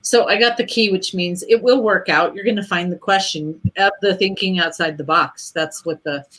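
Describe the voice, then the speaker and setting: A woman co-hosting a casual livestream of readings, chatty and quick to laugh. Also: fairly low pitch, a bit bright. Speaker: co-host doing readings.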